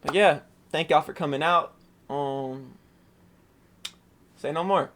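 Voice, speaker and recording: A young man casually recapping his day trade on a screen share, slangy and animated, swearing and saying "boom" a lot. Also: slow, a little hiss or hum.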